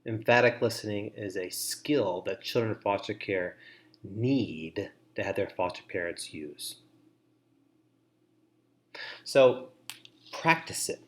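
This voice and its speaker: Middle-aged male webinar presenter, lowish voice, earnest, measured delivery with steady pauses. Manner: earnest, measured advice with deliberate pauses and repeated phrases. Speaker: foster care educator, webinar presenter. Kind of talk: instructional webinar talk.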